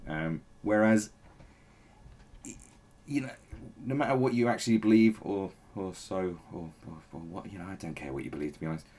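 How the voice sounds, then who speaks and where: A man's voice: low-pitched, normal speed, warm tone. A man giving a blunt, profane, sarcastic rant as a political commentator. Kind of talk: ranting opinion commentary.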